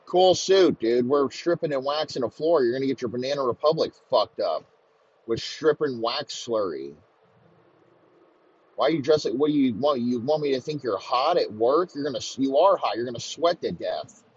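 A man's voice: mid-range voice, animated, normal speed, husky. Profane ranting man, muffled recording. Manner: crude, mocking, swears constantly. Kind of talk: profane comedic rant. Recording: slightly muffled lo-fi recording, faint background noise.

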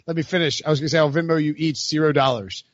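A man's voice: a little high, steady tone, very fast, no echo, highs cut off. A man hosting a casual sports talk show, rambling with many fillers and restarts. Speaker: host.

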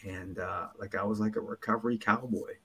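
Guy with a kinda low husky voice telling his story on a podcast, lots of restarts, goes real quiet sometimes. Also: fairly even intonation. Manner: halting, earnest, many restarts, drops to near whispers. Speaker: podcast guest sharing his recovery story. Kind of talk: personal storytelling in an interview.

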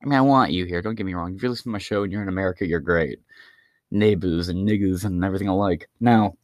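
A man's voice: sits low, quick pace, darkish tone, dry recording. Guy ranting solo on his podcast, swears nonstop, rambly and mocking, dead dry sound. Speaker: podcast host.

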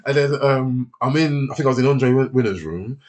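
A man's voice: medium pitch, a little fast. A man, a former fighter who is a podcast guest, telling stories in casual chat with a lot of swearing. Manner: animated, profane, often acts out others' lines.

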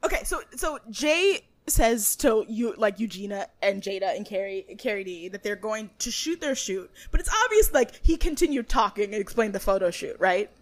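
A young woman co-hosts a podcast, recapping a reality show at a moderate pace with her medium-pitched voice and barely pausing. She's animated throughout: laughing, ranting, swearing, and mimicking voices in a casual chat.

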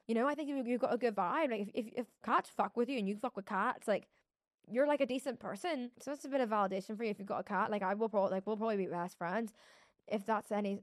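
Young girl rambling on her podcast, bit high voice, dry close sound, swears a lot. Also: no room sound. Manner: chatty, rambling, full of "like" and restarts, swears casually. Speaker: podcast host. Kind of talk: casual solo podcast chat.

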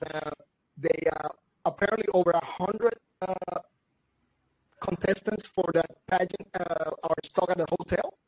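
A man's voice: high-pitched, measured pace. Guy telling a wild story on a podcast, acts out the voices, keeps laughing. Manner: animated storyteller who acts out quoted voices and laughs often. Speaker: podcast co-host. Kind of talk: casual chat, storytelling.

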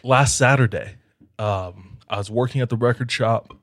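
A man's voice: mid-range voice, normal speed, dry recording. Easygoing man, dry close sound. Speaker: podcast co-host. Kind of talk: casual chat.

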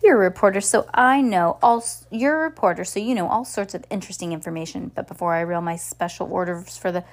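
A woman's voice: on the low side, fast, close to an everyday voice. A woman voicing a vain, scheming, fashionable female villain who talks haughtily in a storybook reading. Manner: haughty, purring, snappish.

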